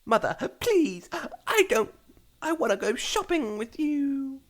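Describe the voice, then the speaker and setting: A woman's voice: big pitch swings, slow, exaggerated voice. A woman voicing a little girl filly who pleads and whines at her mother. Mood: pleading. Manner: whiny, high childlike voice.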